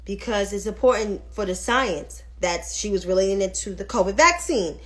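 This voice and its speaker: A woman hosting a political commentary livestream, ranting heatedly and with lots of swearing, and answering viewers' comments as she goes. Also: mid-range voice. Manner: talks back to viewers' comments.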